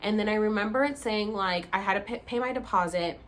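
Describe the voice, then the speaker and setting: A woman's voice: mid-range voice, brisk, a bit bright. A woman in her thirties, tired and rambling, telling a personal story to camera in a casual vlog with plenty of fillers. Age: 30s. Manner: chatty, rambling, heavy use of "like" and "um". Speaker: vlogger.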